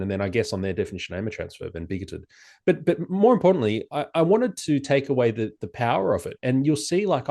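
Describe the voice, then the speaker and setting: A medium-pitched man appears as a guest on a podcast, chatting casually. He is animated but halting, restarting often and acting out quoted exchanges in a raised voice.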